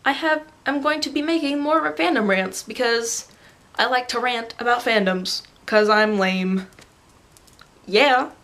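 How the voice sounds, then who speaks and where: A young woman in her student years rants eagerly to a camera on a tripod, her voice sitting a little high. She rambles and gushes, dropping fillers as she goes, in an easy vlog manner. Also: a little slow. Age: young adult. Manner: excitable, rambling, lots of "like". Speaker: vlogger. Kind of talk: casual fan rant to camera.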